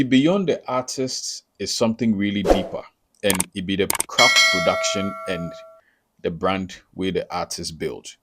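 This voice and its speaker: Guy, deep-ish voice, dry close sound, keeps asking if you get it. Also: no room sound. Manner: checks in often with rhetorical questions. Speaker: recording artist teaching branding. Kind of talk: casual explainer to camera.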